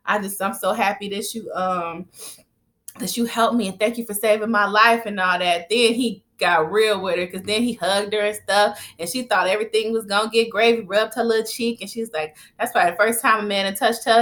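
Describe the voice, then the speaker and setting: A woman casually recapping a TV episode, retelling scenes in lively quoted voices with slang and laughter. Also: mid-range voice. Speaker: TV recap vlogger.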